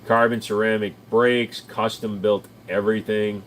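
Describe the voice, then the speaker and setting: A man's voice: fairly low pitch, level tone, unhurried, a little hiss or hum. A man streaming live, chatting casually and rambling as he answers viewers, swearing freely. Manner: rambling, profane, answers chat. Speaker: streamer reading chat.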